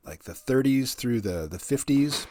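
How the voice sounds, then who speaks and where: A man's voice: medium pitch, animated, measured pace, mellow, no room sound. Conversational male host, easygoing interviewer, dry close-miked sound. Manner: chatty, with many "you know" fillers and frequent laughs. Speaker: podcast host.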